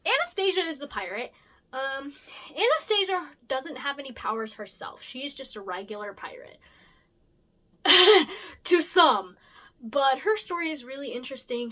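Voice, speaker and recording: A young woman chatting casually about her original characters, rambling with lots of fillers and self-corrections and lively jumps in pitch. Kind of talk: casual chat.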